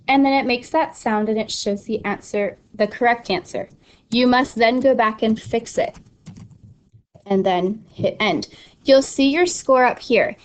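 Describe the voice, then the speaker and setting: A young adult woman with a fairly high voice, recorded with slight background noise, is a Spanish teacher walking through an online study tool on screen. She explains step by step, casual and instructive, with frequent ums and restarts.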